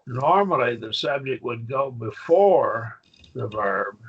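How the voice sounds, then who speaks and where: A man's voice: mid-range voice, animated, takes it slowly, breathy edge, highs cut off. A man teaching a Greek grammar class, patiently quizzing his students with questions. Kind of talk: classroom lesson.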